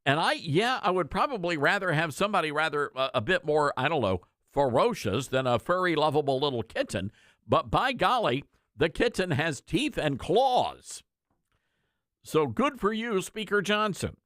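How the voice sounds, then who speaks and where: A man's voice: on the high side, big pitch swings, moderate pace, a bit bright, dry recording, studio quality. A man hosting a political talk radio show, commenting in a folksy, sarcastic, conversational way.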